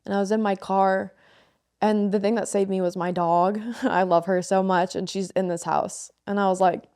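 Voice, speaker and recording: A woman's voice: medium pitch, level tone, moderate pace, darkish tone, smooth. A woman in her twenties, a podcast co-host, frankly and emotionally telling a personal story with a lot of swearing. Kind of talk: candid podcast conversation.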